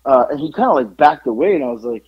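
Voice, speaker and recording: A man's voice: medium pitch, lively intonation, quick pace, husky, dry recording, highs cut off. A man co-hosting a podcast, telling a story in a rambling, casual way full of "like" and swearing. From south side of Atlanta. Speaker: podcast co-host.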